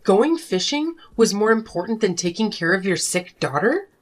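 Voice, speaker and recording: A woman voicing a fed-up wife and mother confronting her husband, indignant and sharp. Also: medium pitch, big pitch swings, normal speed. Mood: angry. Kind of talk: narrated drama story dialogue.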